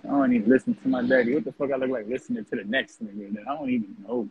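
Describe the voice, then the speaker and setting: Speaking in a racing, very animated way, this man has a gravelly voice of medium pitch. He is a former inmate from North Richmond, California, giving a brash, blunt, profane and mocking account of prison life. The recording sounds like a phone, lo-fi with a little hiss or hum.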